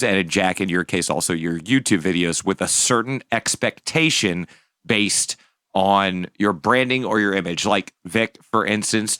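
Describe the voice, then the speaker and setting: A man co-hosting a podcast in casual chat, energetic and asking long questions. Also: lowish voice, clear, resonant tone, no echo, studio quality. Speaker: podcast co-host.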